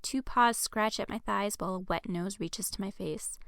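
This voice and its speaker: A woman reads her own young-adult novel in the first person, even and earnest. Her mid-range voice carries a gravelly edge. The sound is close-miked and very dry. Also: medium pitch, normal speed, no echo. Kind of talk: audiobook narration.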